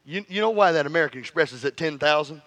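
A man's voice: on the high side, lively intonation, fast, a bit bright. A middle-aged male pastor preaching a fervent sermon with call-and-response, telling stories and joking with the congregation.

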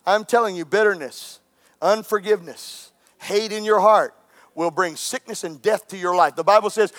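A man with a high voice delivers an impassioned sermon to his congregation. He moves from raised, emphatic declarations to hushed, earnest pleading. His preaching sounds like it is delivered in a church. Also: brisk. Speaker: pastor.

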